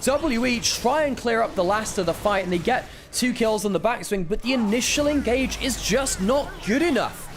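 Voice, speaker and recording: A man from Wales calling a live esports match as a commentator, excitable and quick to groan and swear at bad plays. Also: very high voice, a little hiss or hum.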